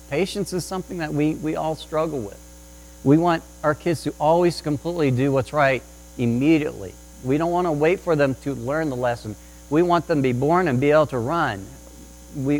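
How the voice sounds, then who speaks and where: A man's voice: fairly high pitch, low-quality recording. Man preaching a sermon over faint hum. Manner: restarts often, tells anecdotes with acted quotes. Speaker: pastor.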